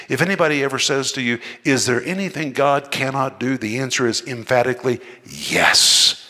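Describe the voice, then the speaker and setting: A man preaching a sermon in an emphatic manner, building to forceful outbursts. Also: medium pitch, breathy edge. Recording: long hall reverb.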